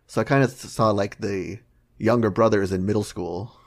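Jokey, low-voiced male podcast co-host. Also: fairly even intonation, fairly quick, creaky, dry recording. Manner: jokey, laughs often. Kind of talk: casual chat.

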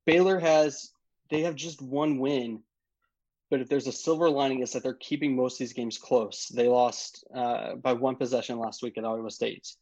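A man co-hosting a sports podcast, giving measured, stat-heavy analysis. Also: medium pitch, steady tone, a little mellow, no room sound. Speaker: podcast co-host. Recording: dry, slightly dull remote mic.

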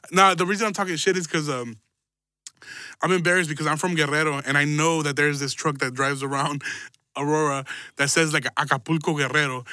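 A man's voice: on the high side, pushed and bright, no echo. Young guy rambling on his podcast, cussing and chuckling, dry close sound. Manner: profane, loose, chuckling storyteller. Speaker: podcast host. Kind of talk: casual rambling podcast monologue.

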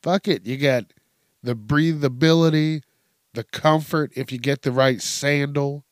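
A man's voice: fairly high pitch, fairly even intonation, a little slow, no echo, clean studio sound. A man hosting a podcast, ranting crudely and swearing constantly, laughing at his own jokes. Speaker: podcast host. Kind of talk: profane comedic rant.

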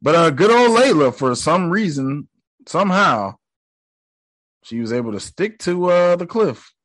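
A man's voice: fairly high pitch, big pitch swings, a little slow, a bit bright, dry recording. A young man giving a casual, joking recap of a show episode, full of slang and profanity.

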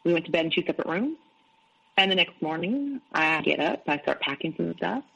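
A middle-aged woman, guesting on an interview, tells her own stories candidly and brings in others' remarks as quoted dialogue. Her lowish voice is husky and a bit bright with vocal fry, and she speaks briskly and with great animation. The recording is rough.

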